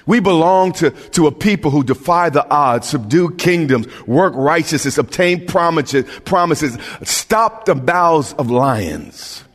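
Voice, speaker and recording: A man preaching a sermon as pastor, stretching out phrases and dropping to a hushed near whisper on key words before building up again. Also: a little high, long reverb tail.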